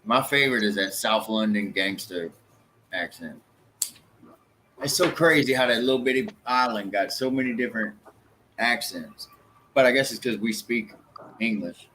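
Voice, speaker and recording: Laid-back man, low voice. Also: normal speed, long pauses, pushed and bright. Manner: profane, laid-back banter. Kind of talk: casual chat. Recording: faint background noise.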